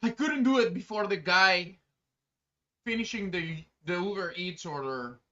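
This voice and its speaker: Male streamer, high and bright, rambling and excitable chat, lo-fi dull stream mic. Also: unhurried. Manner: excitable, bursts into loud exclamations; chatty, rambling, many fillers. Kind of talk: casual live-stream chat.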